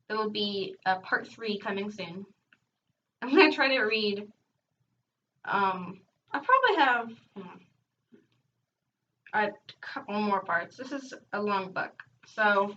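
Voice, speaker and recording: A woman reading a children's book aloud, expressive, breaking off now and then for casual chatty asides. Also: mid-range voice. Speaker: reader hosting a read-aloud channel. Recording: dull, distant home recording.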